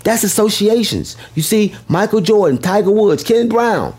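Husky guy preaching a motivational talk, big emphasis, says it twice. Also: high voice, lively intonation, normal speed, darkish tone. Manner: emphatic, preacher-like, repeats key lines. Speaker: motivational speaker. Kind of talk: motivational speech.

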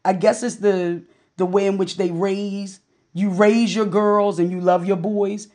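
A woman's voice: mid-range voice, level tone, a little slow, a little mellow. A woman hosts a relationship podcast alone, speaking in a candid, storytelling way. She talks casually and openly, with a mid-range voice. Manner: candid, storytelling, conversational with fillers. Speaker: podcast host. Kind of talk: casual personal monologue.

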